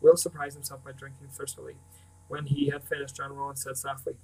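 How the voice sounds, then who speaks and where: Man, audiobook narration, steady, flat delivery, distant mic. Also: mid-range voice, fairly quick. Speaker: reader.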